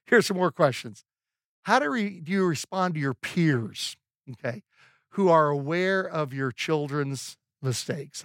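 A man's voice: fairly high pitch, no room sound, studio quality. A middle-aged man preaching a sermon, conversational and humorous, with frequent repeated words and fillers. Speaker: pastor.

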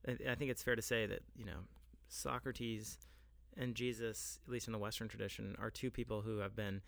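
A man's voice: lowish voice, fairly even intonation, fairly quick, vocal fry, a bit bright, no room sound. A man in a casual podcast discussion, speaking in a scholarly way and leaning on fillers like "I mean" and "like".

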